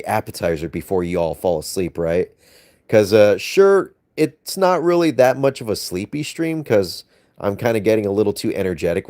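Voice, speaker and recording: A man's voice: mid-range voice, darkish tone, no echo, studio quality. A young man chatting casually to his viewers on a late-night livestream, playful and teasing with joking innuendo.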